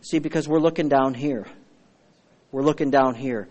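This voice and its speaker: A man's voice: medium pitch, moderate pace, pauses often, darkish tone, long reverb tail. A man preaching a sermon as pastor, fervent and emphatic, calling out to his congregation.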